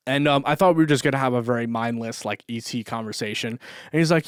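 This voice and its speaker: With a slightly high voice at normal speed and long pauses, a young vlogger spins out a long, rambling story. He swears, laughs often and uses lots of fillers. The studio-quality recording has no room sound.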